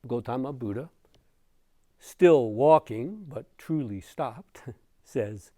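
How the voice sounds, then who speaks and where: A man giving a dharma talk as a meditation teacher, telling a story in an unhurried way with soft chuckles. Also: mid-range voice, expressive, no echo, studio quality.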